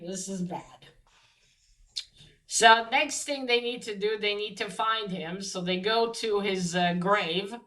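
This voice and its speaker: A woman's voice: medium pitch, fairly bright tone, poor audio. A woman casually recapping a comic book story, swearing freely and retelling each scene with lots of fillers.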